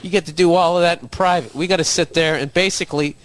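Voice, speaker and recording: A man's voice: on the high side, fairly even intonation, quick pace. A man doing a crude, swaggering comedic rant as a solo podcast host, swearing freely and laughing at his own jokes.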